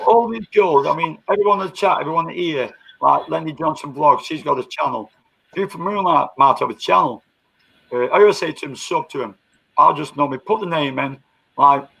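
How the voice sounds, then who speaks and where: A man's voice: on the high side, brisk, gravelly, a bit bright, breathy edge, rough recording. A man hosting a casual live-stream chat, bantering with coarse slang and laughing often.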